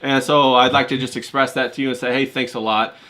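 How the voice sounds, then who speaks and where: A man's voice: medium pitch, little pitch movement, quick pace, sharp tone. A man hosting a casual stream, hyped and profane, thanking guests with lots of "uh" fillers. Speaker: stream host.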